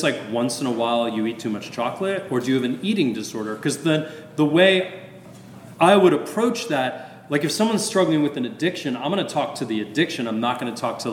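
A man in his fifties, a priest, talking casually about confession in an animated, chatty way full of asides and fillers. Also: medium pitch, a little hiss or hum. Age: 50s. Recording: echoey room with long reverb.

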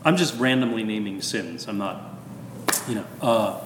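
A priest in his fifties talks in a loose, animated way, full of asides and fillers. His voice carries a roomy echo with a long tail of reverb. A faint ambient hum sits underneath. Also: fairly low pitch, normal speed. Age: 50s. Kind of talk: casual talk about confession. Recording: echoey room with long reverb.

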